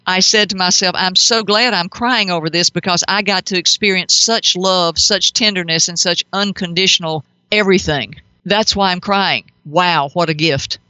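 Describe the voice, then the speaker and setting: A woman's voice: mid-range voice, sharp tone, no room sound, muffled recording. A middle-aged woman hosting a call-in advice show, talking emphatically and animatedly. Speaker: pet psychic radio host.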